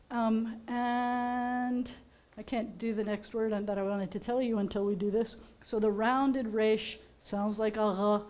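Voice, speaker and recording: A woman's voice: mid-range voice, a little mellow. A woman rabbi, chatting playfully as she teaches Hebrew letters at a service. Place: synagogue sanctuary.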